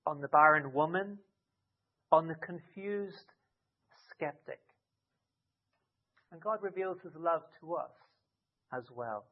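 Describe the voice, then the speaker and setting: Male preacher, sermon, high-pitched, dramatic swells and hushed drops, phone-like lo-fi sound. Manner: expressive, with dramatic rises and soft drops.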